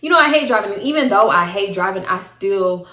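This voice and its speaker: A young woman telling a personal story to camera in a casual, slangy, animated way. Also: medium pitch, a little fast. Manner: animated, slangy, acts out both sides of arguments. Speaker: storytime vlogger. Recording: echoey room.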